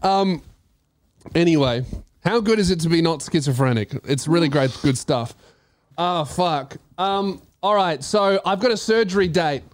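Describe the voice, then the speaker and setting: A man's voice: on the high side, unhurried, no room sound. A young Australian man hosting a podcast, telling a story in casual chat, swearing and acting out his own reactions. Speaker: podcast host.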